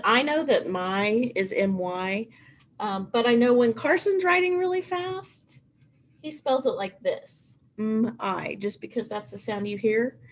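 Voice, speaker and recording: Animated woman teaching first graders. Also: fairly high pitch, slight background noise. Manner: animated, sing-song teacher talk, stretching out sounds. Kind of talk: remote writing lesson for children.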